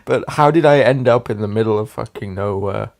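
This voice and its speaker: A man's voice: fairly low pitch, brisk, creaky, darkish tone, a little hiss or hum. A man hosting a stream in casual chat, laid-back and teasing, mostly giving short replies. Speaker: stream host.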